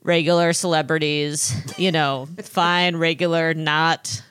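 A woman's voice: deep voice, steady tone, slow pace, fairly bright tone, clear, resonant tone. A woman co-hosting a gossip podcast over a call, opinionated and wry, often laughing mid-sentence. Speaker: podcast co-host. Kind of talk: casual gossip chat.

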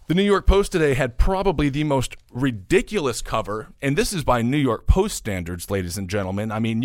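A man's voice: mid-range voice, no echo, clean studio sound. A man hosting a solo political commentary show, opinionated and sarcastic, with frequent "uh" fillers. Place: New York.

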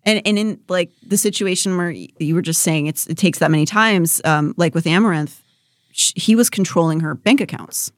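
A woman's voice: lowish voice, moderate pace, no echo. Podcast host lady, talks frank and casual, dry sound. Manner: frank, opinionated, swears casually.

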